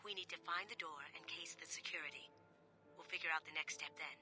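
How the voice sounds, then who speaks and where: An actress voicing a sly female master thief who briskly lays out a heist plan. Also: low voice, faint music behind. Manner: brisk, confident planner, soft asides.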